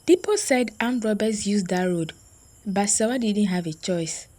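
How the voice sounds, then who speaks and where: A woman narrating a scripted story in a slow, suspenseful way with dramatic pauses. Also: mid-range voice, dark tone, rough recording.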